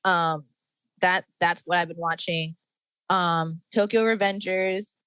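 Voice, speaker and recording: A fairly low-voiced woman guesting on a podcast, talking with rambling enthusiasm. The sound is dry and close, with little room. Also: fairly even intonation, takes it slowly, a bit bright, clear, resonant tone, no room sound, rough recording. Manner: enthusiastic, rambling, many fillers. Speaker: guest, anime content creator. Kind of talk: casual interview chat.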